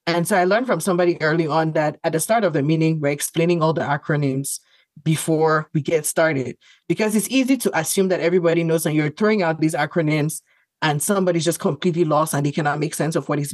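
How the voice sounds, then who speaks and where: A woman's voice: deep voice, darkish tone, dry recording. A woman co-hosting a casual discussion podcast, talking things through thoughtfully with frequent "like" and restarts. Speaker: podcast co-host.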